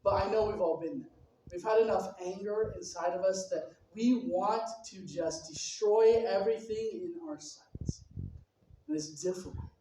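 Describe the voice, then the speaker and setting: A man with a high-sitting, darkish voice preaches a conversational sermon and puts questions to his listeners. There's slight background noise, and the mic is distant in a very echoey hall.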